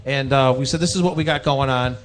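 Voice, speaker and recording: A man's voice: medium pitch, brisk. A man, a guest from a band, talking casually with fillers about charity shows and stories. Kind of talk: casual interview talk.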